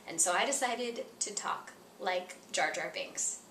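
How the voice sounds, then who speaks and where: Animated, bright-voiced woman telling a comic story. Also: medium pitch, takes it slowly. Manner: animated, laughing, exaggerated quotes. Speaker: guest storyteller. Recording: roomy echo, distant mic, faint background noise.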